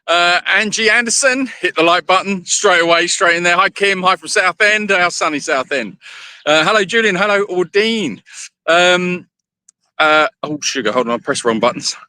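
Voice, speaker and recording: Chatty bright-voiced man on a live stream. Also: high voice, expressive, moderate pace, clean tone, dry recording, low-quality recording. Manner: chatty and rambling, greets viewers by name. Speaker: animal sanctuary host on a live stream. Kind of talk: casual live-stream chat. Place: outdoors at an animal sanctuary, walking around. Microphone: phone held in hand.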